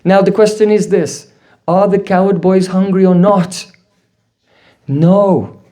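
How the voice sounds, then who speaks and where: A man's voice: sits high, slow. A man giving a devotional lecture, telling stories and checking in with rhetorical questions. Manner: animated storyteller, asks rhetorical "hmm?". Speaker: spiritual teacher.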